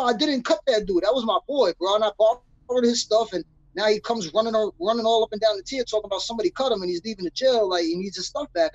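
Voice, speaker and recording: A young man with a husky, breathy voice, telling a story as an interview guest. He acts out the people he quotes in street slang. The sound is close and dry on a dull, slightly lo-fi recording. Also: high voice, no room sound. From New York City. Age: young adult. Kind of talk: casual storytelling.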